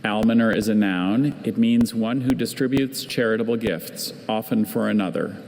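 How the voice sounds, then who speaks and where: A man, the pronouncer at a spelling bee, reading definitions and word origins in a measured, patient way. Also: on the low side, creaky, background noise. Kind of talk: reading word information aloud. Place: large competition hall. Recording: hall reverb, faint ambience.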